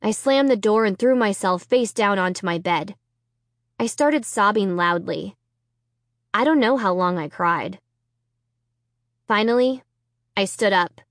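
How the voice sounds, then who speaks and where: A woman reading a children's chapter book aloud in the first person, in a measured and expressive way. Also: medium pitch, no room sound, studio quality. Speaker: audiobook reader. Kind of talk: first-person storybook narration.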